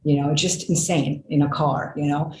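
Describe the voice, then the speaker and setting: A woman in her forties, a filmmaker guest, talks in an animated, emphatic way, with many fillers and restarts. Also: low voice, moderate pace. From Lebanon. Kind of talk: conversational interview. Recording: echoey room with faint noise.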